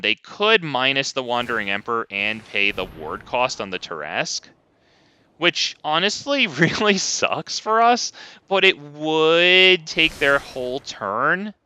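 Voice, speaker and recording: A man's voice: mid-range voice, wildly swooping pitch, measured pace, pushed and bright, clean tone. A young man giving casual, wry gameplay commentary with lots of ums, close to a desk mic.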